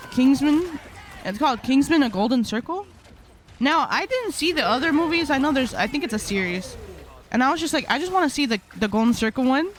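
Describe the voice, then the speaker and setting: A woman's voice: sits high, fairly bright tone, slight background noise. A young adult woman streaming live, chatting casually with her viewers in a rambling, slangy storytelling way. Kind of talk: casual live-stream chat while gaming.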